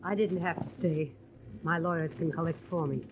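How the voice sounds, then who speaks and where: An actress playing a scheming wife with a breathy voice, in 1940s radio acting. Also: female voice, low voice, fairly even intonation, normal speed, a little hiss or hum, lightly acted. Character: scheming wife, shrill and tense. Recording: dull old radio recording.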